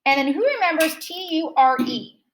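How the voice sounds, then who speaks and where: A high-pitched woman teaches a phonics lesson to young students. She says each word slowly and again and again to stress the right syllable. A faint hiss sits under her voice. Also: expressive, poor audio. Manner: slow, repeats words to stress syllables. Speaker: second grade teacher.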